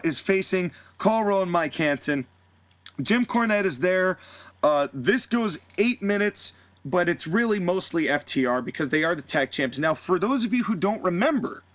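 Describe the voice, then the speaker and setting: A male podcast host spinning an animated, rambling story in casual chat. His voice sits a little high. The sound is dry and close-miked. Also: no room sound. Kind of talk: fantasy-booking storytelling chat.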